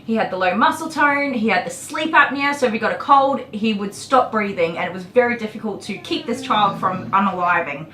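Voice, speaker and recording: A woman's voice: medium pitch, expressive, fairly quick, hardly any pauses, pushed and bright, distant mic, slight background noise. Blunt Australian groomer woman, off-mic. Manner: blunt, exasperated, swears mildly and laughs often. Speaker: dog groomer streaming live. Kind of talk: casual livestream chat. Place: grooming salon. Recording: echoey room, voice from off-mic.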